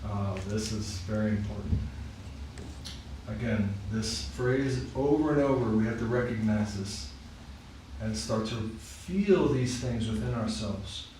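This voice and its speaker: Slow, soft-spoken man in an echoey hall. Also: on the low side. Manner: slow, soft-spoken, chuckles while retelling stories. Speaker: class leader. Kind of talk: scripture study talk. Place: temple hall. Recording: echoey room, mic far off, noisy.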